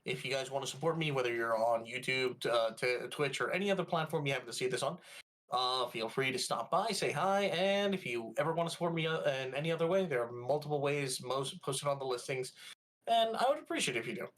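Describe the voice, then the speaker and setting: Male podcast co-host with a mid-pitched voice, loose and rambling with filler words, mild hiccups. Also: lively intonation, a little fast, fairly bright tone. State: has the hiccups. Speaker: podcast co-host and VTuber streamer. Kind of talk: casual chat.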